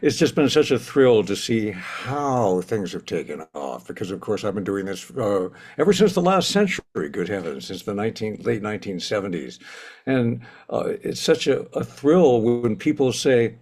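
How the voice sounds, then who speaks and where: An older man speaks with real enthusiasm, and his pitch moves animatedly as he tells stories and laughs often. He sounds like a casual guest at an online ceremony. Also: very animated, moderate pace, a little mellow. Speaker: honorary president of the institute.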